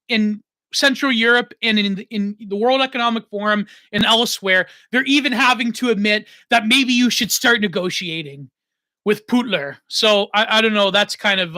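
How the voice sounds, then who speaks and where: Guy rambling on his show, high bright voice, dry sound. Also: dry recording. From Canada. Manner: rambling and opinionated. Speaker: host. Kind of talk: casual monologue.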